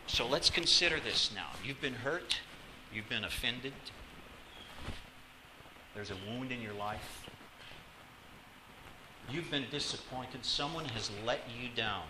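A man preaching a sermon in a church, swinging from loud, dramatic lines to hushed ones. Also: medium pitch, animated, slow, pauses often, noisy background. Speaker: pastor.

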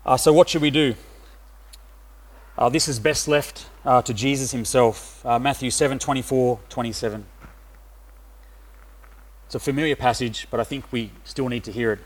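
A middle-aged man from Australia giving a sermon, pausing often with "uh" fillers. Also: medium pitch. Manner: hesitant, many "uh" fillers. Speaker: preacher.

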